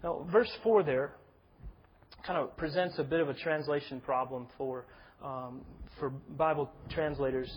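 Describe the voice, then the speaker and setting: A man's voice: fairly high pitch, measured pace, breathy edge, poor audio. A man preaching an expository sermon, earnest and building to emphatic stress. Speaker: pastor.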